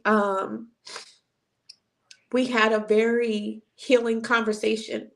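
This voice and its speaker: Gravelly-voiced woman preaching her testimony. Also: on the high side. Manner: preachy, emotional, repetitive phrasing. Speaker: host. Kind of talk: casual testimony chat.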